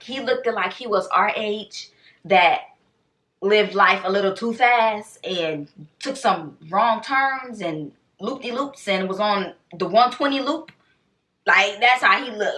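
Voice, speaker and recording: A young woman from Rochester, New York, tells a vlog storytime with a bright, forward tone. She talks in a casual, slangy way and acts out every line of dialogue. Her voice sits at a middle pitch, a little distant from the mic. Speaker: vlogger.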